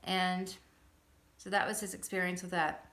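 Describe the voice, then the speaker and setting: A woman's voice: fairly low pitch, flat delivery, moderate pace, a bit bright. Woman, thirties, casual home vlog, chatty, laughing, roomy echo. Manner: chatty and upbeat, laughs often, fillers. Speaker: vlogger sharing her epilepsy journey. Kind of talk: casual personal storytelling. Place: living room at home. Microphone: phone or camera on a stand.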